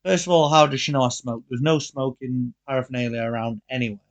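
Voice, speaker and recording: Male co-host, gravelly and animated, casual podcast storyteller. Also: mid-range voice, quick pace. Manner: animated, acts out quoted dialogue, swears freely.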